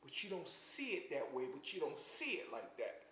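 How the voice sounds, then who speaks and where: A man's voice: fairly high pitch, wildly swooping pitch, normal speed, a bit bright, roomy sound, slight background noise. A man giving heated, preachy commentary to camera, often stumbling and restarting his sentences. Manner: impassioned, stammering restarts, preachy. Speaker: commentary channel host. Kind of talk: casual spoken commentary to camera.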